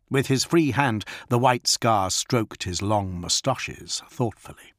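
A man reading an audiobook as narrator, measured and quiet. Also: on the low side, no room sound, studio quality. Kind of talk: scripted narration.

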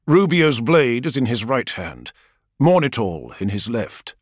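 A man narrating an audiobook in a measured, dramatic storytelling manner. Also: medium pitch, big pitch swings, dry recording, clean studio sound.

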